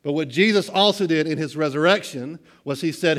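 A middle-aged man preaching a sermon, swinging between hushed, quiet lines and loud, excited bursts. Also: a little high, a little fast, few pauses. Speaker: pastor.

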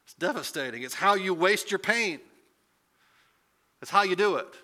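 A man's voice: high-pitched, animated, normal speed, bright, forceful tone. A man preaching a conversational sermon as a pastor, swelling into emphatic peaks.

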